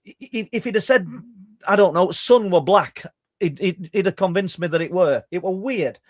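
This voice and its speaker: A man's voice: sits high, normal speed, dry recording, clean studio sound. A middle-aged man with a Yorkshire accent, a guest telling a long story in conversation with many stumbling restarts. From Yorkshire, England. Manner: talkative, stumbling restarts, animated. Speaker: guest researcher.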